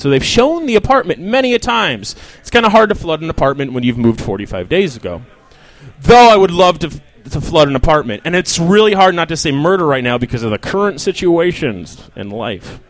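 A young stand-up comedian with a voice on the high side, recorded without echo, works through a rambling, self-deprecating set. He swears, riffs with the crowd, and mentions feeling sick.

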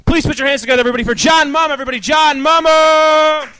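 A man hosting a comedy show, loudly hyping up and introducing the next comic. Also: very high-pitched, steady tone, very fast, slight background noise. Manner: loud, hyped announcing. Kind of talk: stand-up emcee introductions.

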